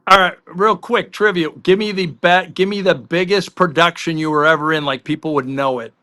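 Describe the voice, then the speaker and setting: A man co-hosting a sports talk podcast, telling chatty anecdotes with quick asides. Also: fairly high pitch, sharp tone. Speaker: podcast co-host.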